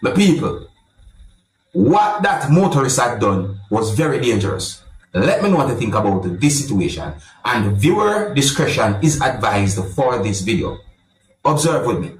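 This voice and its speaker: A man talks his viewers through viral clips in a loose, chatty vlog style, his pitch rising and dipping freely as he muses aloud. He is recorded in an echoey room with a faint hiss underneath. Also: sing-song, moderate pace. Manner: addresses viewers as "my people", chatty and reflective. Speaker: vlog host. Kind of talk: casual commentary on viral clips.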